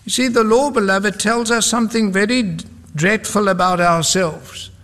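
A man's voice: high voice, fairly even intonation, normal speed, fairly bright tone, big-room sound. A South African man preaching a sermon, emphatic and repetitive, with humorous asides.

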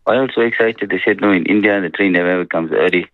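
A man answers listener questions as a religious scholar, calm and conversational, leaning on frequent fillers. His voice is very low. The recording is dry and slightly dull, like a lo-fi radio feed. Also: very fast, no room sound.

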